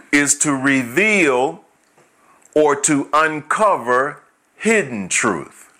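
A man's voice: medium pitch, bright, forceful tone. A man preaching a teaching sermon, reading scripture aloud and repeating each key point so listeners can write it down. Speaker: pastor.

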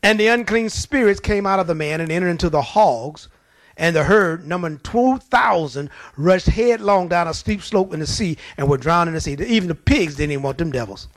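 High-voiced preacher with dry, close sound. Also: male voice, animated, brisk, no echo. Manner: acts out demons' voices, laughs often. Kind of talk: sermon.

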